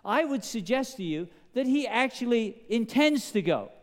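A man preaching a sermon, posing questions to the congregation in an animated, emphatic way. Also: extremely high pitch, moderate pace, long reverb tail. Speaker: pastor.

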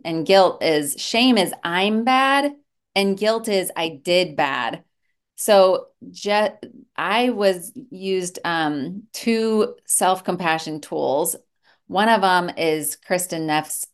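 A woman, a therapist speaking in a candid podcast conversation, earnest and reflective with soft laughs. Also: lowish voice. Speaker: therapist and guest.

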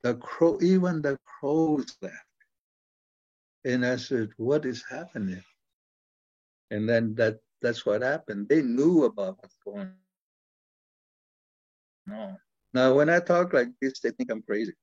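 A man's voice: mid-range voice, expressive, a little slow, pauses often, a little mellow, dry recording, highs cut off. An older American man speaking bluntly in a rambling interview, with many restarts and fillers. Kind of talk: casual talk.

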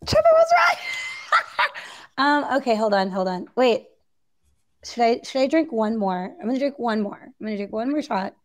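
A woman's voice: on the high side, normal speed. A woman with a New Zealand accent, co-hosting a podcast in casual chat, chatty and giggly with many fillers. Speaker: podcast co-host.

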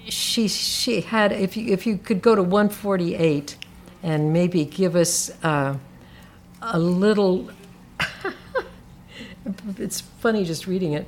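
A woman hosting a casual book discussion, speaking hesitantly with many pauses and fillers. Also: lowish voice, a little hiss or hum. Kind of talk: casual book club chat.

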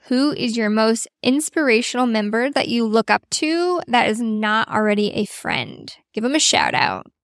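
Podcast host, woman, 30s, earnest and animated, slightly high voice. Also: normal speed, few pauses, dry recording, clean studio sound. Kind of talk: casual podcast chat.

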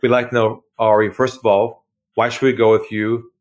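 A man being interviewed on a podcast as a sales trainer, telling stories and acting out phone calls, dropping his voice low for effect. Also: normal speed. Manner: animated storyteller, acts out phone calls, drops voice low for effect.

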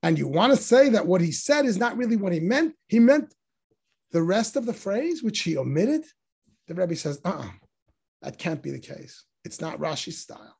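A man's voice: high-pitched, big pitch swings, moderate pace, gravelly, darkish tone, slightly rough. A man teaching a text study class on religious commentary, explaining with emphatic rhetorical questions and rising voice on quotations. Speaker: Torah teacher.

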